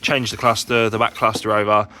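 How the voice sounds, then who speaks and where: Bright-voiced man, casual car vlogger who talks you through each job. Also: fairly low pitch, level tone, fairly quick, slight background noise. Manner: chatty, explains as he works. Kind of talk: casual how-to vlog.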